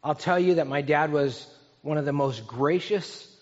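A male pastor preaching in a relaxed, conversational way, telling stories with pauses and restarts. His voice sits a little high for a man. The sound is muffled and echoes through a large hall. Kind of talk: sermon. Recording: dull, echoey hall recording.

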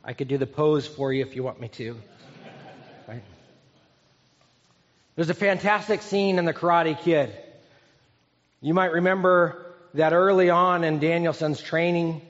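A man's voice: fairly high pitch, unhurried, pauses often, a bit bright. A man in his fifties, a pastor preaching an earnest, conversational sermon that often asks the congregation questions. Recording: echoey hall, dull sound.

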